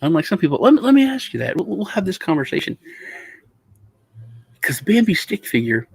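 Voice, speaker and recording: A man hosting a casual chat, a rambling, animated storyteller. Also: sits high, a little fast, creaky, slightly rough, no echo. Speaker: host.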